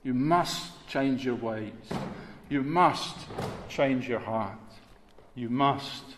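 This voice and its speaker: Male preacher, mid-pitched, hushed-to-forceful delivery, recorded in a large church hall with lingering reverb. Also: extremely slow. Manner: emphatic, rhetorical, swings between hushed and forceful. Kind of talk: sermon. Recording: echoey hall, long reverb, faint background hiss.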